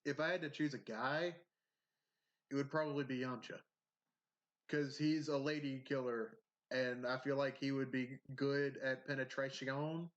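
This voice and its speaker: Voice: medium pitch, steady tone, measured pace. A podcast co-host talking in blunt, crude, casual chat. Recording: dull lo-fi sound.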